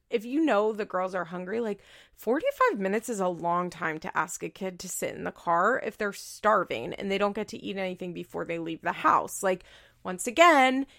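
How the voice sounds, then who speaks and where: A woman recaps a reality TV show in casual, blunt commentary, cursing freely. Her voice carries a gravelly vocal fry at a middle pitch for a woman. She leans on "like" as a constant filler. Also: fairly bright tone. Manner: blunt, profane, frequent "like" fillers.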